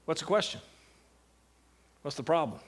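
A middle-aged man lecturing a classroom, with a voice that sits a little high for a man. He keeps firing questions at the students and answering them himself, swinging from hushed asides to loud, lively bursts. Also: moderate pace. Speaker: seminary lecturer. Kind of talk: classroom lecture on Bible meditation.

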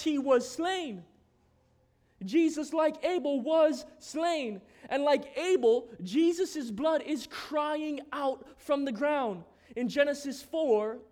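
A man preaching a sermon, moving between hushed scripture reading and impassioned shouted declarations. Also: extremely high pitch.

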